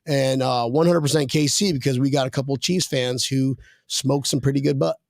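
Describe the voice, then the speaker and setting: A man's voice: medium pitch, steady tone, normal speed, gravelly, no room sound, studio quality. A man hosting a casual sports podcast, joking and rambling as he reads viewer comments aloud. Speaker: podcast host. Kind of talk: casual chat.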